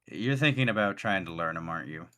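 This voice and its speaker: Man doing a laid-back male mentor NPC in a tabletop game, lowish voice, chatty and halting. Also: animated, pushed and bright. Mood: friendly. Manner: easygoing, chatty, with halting restarts. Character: friendly male fighter teaching a secret technique. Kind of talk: tabletop role-play voicing.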